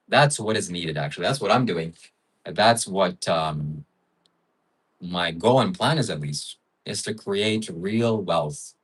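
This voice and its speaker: A man hosting a casual livestream rambles along in a lowish voice, with frequent fillers as he muses. He sits a little way back from the mic. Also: slightly rough, far from the mic, poor audio. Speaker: livestream host.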